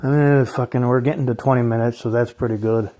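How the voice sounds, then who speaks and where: A man's voice: medium pitch, steady tone, fast talker, warm tone, slight background noise. Man ranting, bitter and profane. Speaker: channel host. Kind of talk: angry ranting vlog.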